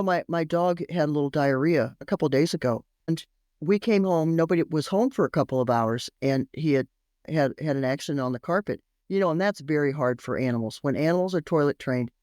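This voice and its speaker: A woman's voice: sits low, dry recording, studio quality. A woman in her sixties, a parenting expert guest telling stories in an interview, acting out the voices she quotes. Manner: animated storyteller who acts out quoted voices. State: tearful at moments. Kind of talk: storytelling interview chat.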